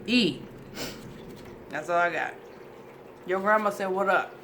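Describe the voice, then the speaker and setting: A woman's voice: mid-range voice, takes it slowly, fairly bright tone, a little hiss or hum. A woman giving a casual oracle card reading, goofy and chatty, swearing freely and calling her viewers "y'all". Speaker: tarot reader.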